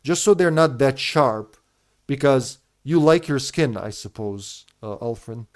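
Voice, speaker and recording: A man's voice: mid-range voice, takes it slowly. Chatty male streamer, non-native English speaker. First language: not English. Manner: chatty, candid, talks to his viewers by name. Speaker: game streamer. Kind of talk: casual chat with live viewers.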